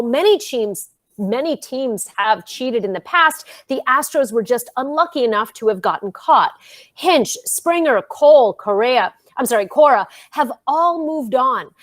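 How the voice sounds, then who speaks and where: Energetic New York woman. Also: on the high side, no room sound. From Queens, New York. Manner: energetic, emphatic, storytelling. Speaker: co-host and reporter. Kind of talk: casual panel chat and opinion segment.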